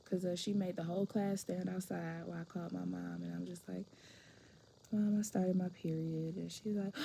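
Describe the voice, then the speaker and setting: A woman's voice: on the low side, steady tone, normal speed, vocal fry, warm tone, slight background noise. A woman telling a personal story to camera in a frank, conversational way, often restarting and repeating phrases.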